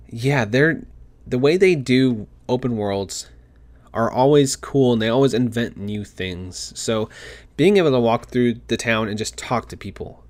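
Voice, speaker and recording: A man reading a game article aloud and adding his own excited, gushing commentary, talking fast with frequent restarts. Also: mid-range voice. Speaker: gaming commentator.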